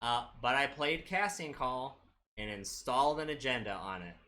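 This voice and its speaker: A man's voice: mid-range voice, animated, normal speed, bright, forceful tone. A man co-hosting a card game stream, talking casually and joking with swearing, worn down by the heat. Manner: joking, swearing, laid-back. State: hot and sweaty. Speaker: stream co-host playing the game.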